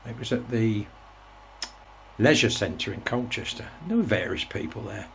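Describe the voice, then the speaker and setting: A man's voice: fairly low pitch, expressive, moderate pace, creaky, a bit bright, a little hiss or hum. A man in his sixties, hosting his own show and reminiscing in a casual, rambling monologue with frequent restarts. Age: 60s. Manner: rambling, reflective storytelling with restarts. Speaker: host.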